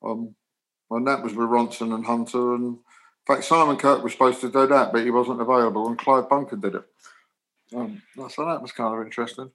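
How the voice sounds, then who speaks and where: A man from England, a guest musician in his sixties, telling animated anecdotes in an interview. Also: mid-range voice, fairly quick, low-quality recording. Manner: animated anecdotes, acts out dialogue. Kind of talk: storytelling interview.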